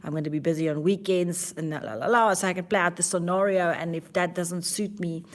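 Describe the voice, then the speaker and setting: A woman's voice: fairly low pitch, fairly even intonation, a little fast. A woman vlogger talking casually and candidly to camera about her self-help habits, earnest, with frequent restarts.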